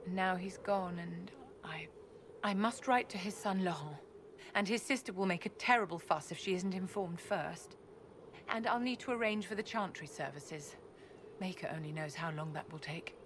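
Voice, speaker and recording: A proud, cool aristocratic court mage woman, voiced by an actress, speaking in a refined, measured, composed way. Her voice sits on the low side. Game audio with a clear hiss of noise behind her. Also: natural voice. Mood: grieving. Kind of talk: video game dialogue.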